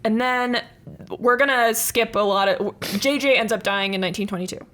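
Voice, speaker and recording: A woman's voice: fairly high pitch, normal speed, a bit bright. Chatty young woman telling a history story. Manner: chatty, laughs often, filler-heavy. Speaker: podcast co-host telling the story. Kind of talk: casual history chat.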